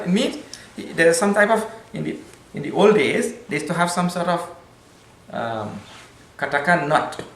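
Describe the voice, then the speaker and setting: A man gives a spiritual talk in a relaxed, conversational way, mixing in Sanskrit words and light jokes. His voice sits a little high. The hall around him echoes. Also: normal speed. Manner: conversational, with Sanskrit terms and gentle humor. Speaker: spiritual teacher. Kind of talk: spiritual discourse.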